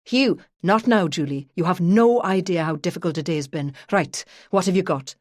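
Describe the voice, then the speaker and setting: A woman narrator voicing a brisk, businesslike male crown prosecutor with a Welsh accent. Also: high voice, dry recording, clean studio sound, natural voice.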